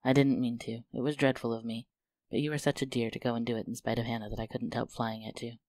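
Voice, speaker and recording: A man's voice: medium pitch, flat delivery, fast, a little mellow, natural voice. A man voicing a fiery, tender-hearted young woman in a storybook reading, speaking emotionally. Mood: flustered. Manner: emotional, pleading then joyful.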